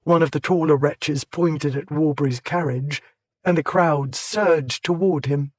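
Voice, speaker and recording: A man narrating an audiobook in a measured, clear way. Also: a little high, fairly even intonation, dry recording. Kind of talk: scripted narration.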